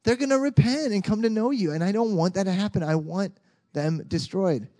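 A man's voice: high-pitched, fairly quick, warm tone, voice pushed up, natural voice. A man voicing a reluctant, resentful male prophet who complains in an exasperated, whiny way. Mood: grudging.

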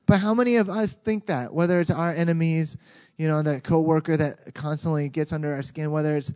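Mellow-voiced pastor preaching. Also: male voice, on the high side, brisk, clean tone. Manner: conversational, animated, with frequent restarts. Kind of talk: sermon.

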